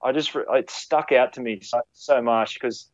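A ski patroller, recounting rescues in a halting way with many fillers and restarts. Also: male voice, mid-range voice, dry recording, dull audio. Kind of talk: conversational storytelling.

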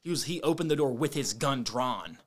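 A young American man casually telling stories in an animated, slangy way, with lots of fillers. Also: medium pitch, normal speed. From United States. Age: young adult. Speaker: guest. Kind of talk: casual storytelling chat.

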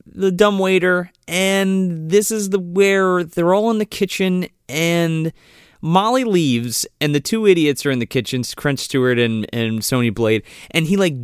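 Man, casual movie chat, cursing, acting out quotes, high-ish voice, dry. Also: unhurried, clean tone, no room sound. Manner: profane, animated retelling with acted-out quotes. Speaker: podcast co-host.

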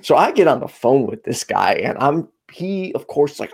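A man's voice: mid-range voice, big pitch swings, normal speed, vocal fry, hardly any pauses, a little mellow, slightly rough. A man hosting a podcast, telling a long story in a rambling, candid way. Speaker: podcast host. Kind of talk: casual chat.

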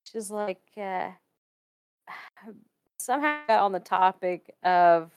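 Her voice sits in the mid-range, clear and resonant, and she takes her time: an Ohio woman appearing as a guest to tell a ghost story from her own life. The dry recording catches her animated delivery, frequent laughter, and acted-out quotes.

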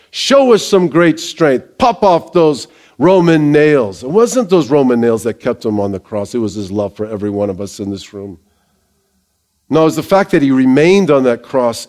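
A man preaching a sermon to his congregation, energetic and conversational, with joking asides. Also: medium pitch. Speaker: pastor.

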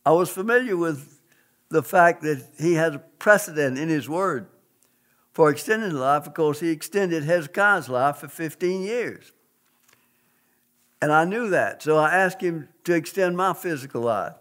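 A man's voice: on the high side, expressive, measured pace. Earnest man recounting a testimony. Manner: earnest, rising to forceful emphasis. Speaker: guest telling his testimony.

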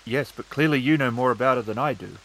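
A man voicing a flustered, panicked hired ruffian who answers in a hurried rush. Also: mid-range voice, a bit bright, voice pushed up, close to an everyday voice, poor audio. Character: panicked male ruffian for hire.

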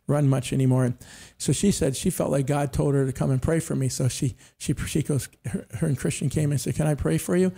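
Middle-aged man, gravelly voice, quick talker, mellow tone, church panel chat. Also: on the high side. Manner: storytelling, frequent amens. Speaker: discussion panel member. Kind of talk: casual church discussion.

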